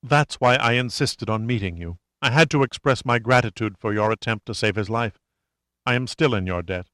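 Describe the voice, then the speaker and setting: A man's voice: medium pitch, moderate pace, a bit bright, no echo, studio quality, natural voice. A man reading the lines of a shaken, remorseful woman conspirator in an audiobook, with a trembling, pleading delivery.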